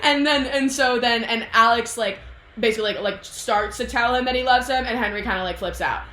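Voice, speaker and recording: A young woman talks at a quick, lively clip in a slightly high, very bright voice. She tells a story casually, swearing freely and acting out quotes. The room adds a noticeable echo. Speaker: host. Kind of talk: casual chat, retelling a book's plot. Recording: echoey room.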